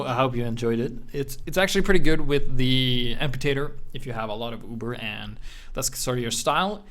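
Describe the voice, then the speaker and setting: A young man giving excitable, profane commentary over his own gameplay and ranting at his teammates. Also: on the high side. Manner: excitable, swears a lot, rants at teammates.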